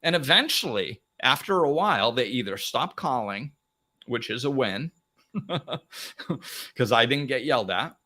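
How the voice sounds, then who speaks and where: Bright-voiced man hosting a live talk. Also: mid-range voice, a little slow. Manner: animated, acts out little dialogues, plain-spoken. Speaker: host.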